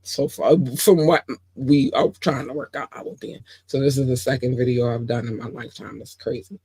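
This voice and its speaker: Gushing, excitable woman podcast host. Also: brisk, husky, no room sound. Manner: gushing, excitable, big pitch swings; chatty with fillers and self-corrections. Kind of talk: solo podcast chat.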